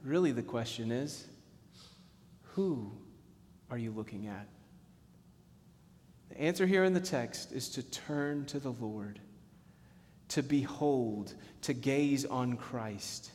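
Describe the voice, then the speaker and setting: A middle-aged male pastor preaching a sermon, passionate, swinging between emphatic bursts and hushed, slowed lines. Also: medium pitch, in a large hall.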